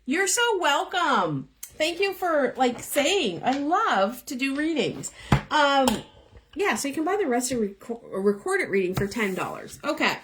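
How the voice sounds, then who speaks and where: A woman's voice: high voice, a little hiss or hum. A young woman, who is losing her voice, gives chatty, encouraging tarot readings live into a phone above her eye level. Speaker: tarot reader. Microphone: phone held above eye level.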